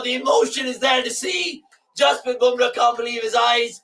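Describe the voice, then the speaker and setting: A man hosting a cricket watchalong, shouting and swearing in ecstatic live reaction, his voice hoarse. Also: extremely high pitch, steady tone, moderate pace, distant mic, faint music behind, low-quality recording. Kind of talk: excited live match reaction.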